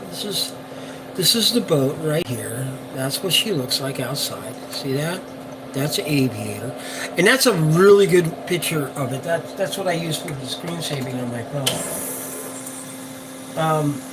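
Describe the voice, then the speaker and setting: A man's voice: fairly high pitch, background noise. An older man, a boat captain, chatting casually on a live stream from his yacht, rambling with lots of fillers.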